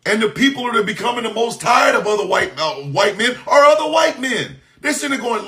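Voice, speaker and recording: A man delivering an impassioned, profane monologue, shouting in bursts and firing off mocking rhetorical questions. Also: very high voice, lively intonation, a little fast, few pauses.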